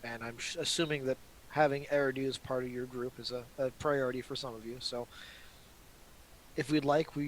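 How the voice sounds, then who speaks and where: A man's voice: medium pitch, slight background noise, poor audio. Man narrating as game master. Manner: relaxed, halting narration with many ums and restarts.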